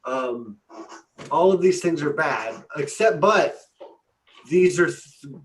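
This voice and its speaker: A man co-hosting a casual podcast, talking in a halting way with many fillers and restarts. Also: on the high side, expressive, distant mic, low-quality recording. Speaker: podcast co-host.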